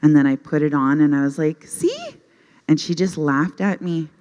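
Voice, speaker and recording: A woman's voice: low-pitched, steady tone, fairly quick, a little mellow. A middle-aged woman telling self-deprecating comedy stories on stage into a handheld mic, often laughing at her own jokes. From Canada. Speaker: stand-up comedian. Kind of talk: stand-up comedy storytelling. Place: stage at a youth conference, before a live audience. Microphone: handheld microphone.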